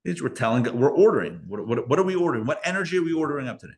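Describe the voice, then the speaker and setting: A man's voice: medium pitch, very animated, very fast. A man who is a rabbi, teaching a live class in a casual, anecdotal way and often restarting his sentences. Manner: conversational, anecdotal, with many restarts. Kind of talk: live lecture with stories. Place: live class in a Torah center.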